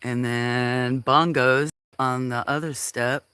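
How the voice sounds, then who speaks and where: At feeding time on a farm, surrounded by cats, a livestream host chats casually with viewers over a handheld phone, cooing at the cats and apologizing now and then. The voice is mid-range, steady, slow, sharp, clear, and resonant, with no room sound.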